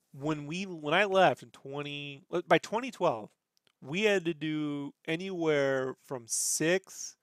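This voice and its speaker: A man's voice: mid-range voice, no room sound, clean studio sound. A man hosting a casual chat, telling rambling stories full of swearing. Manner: rambling, profane storytelling. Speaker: podcast host.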